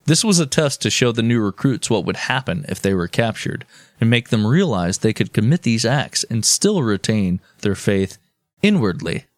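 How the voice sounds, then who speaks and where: A man's voice: on the low side, very animated, moderate pace, dry recording, clean studio sound. A man hosting a casual podcast, telling history in a profane, jokey way. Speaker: podcast host.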